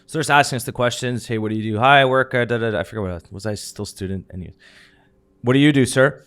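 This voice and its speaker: A man's voice: on the low side, racing, smooth. A man from Canada hosting a podcast, chatting casually, asking short questions and telling his own story. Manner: relaxed, laughs along, asks short questions. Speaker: podcast host. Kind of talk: casual chat.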